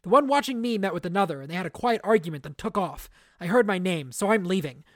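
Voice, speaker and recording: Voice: mid-range voice, animated, quick pace, dry recording, clean studio sound, close to an everyday voice. A podcast host reading aloud, voicing a blunt, weary mother with curt, bitter lines.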